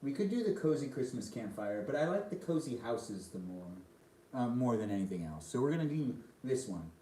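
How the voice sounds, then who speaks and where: A man's voice: mid-range voice, very animated, fairly quick, warm tone, reverberant, a little hiss or hum. Chatty man eating live on stream. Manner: chatty, reads and answers chat comments aloud; talks between bites of food. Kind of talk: casual live-stream chat while eating.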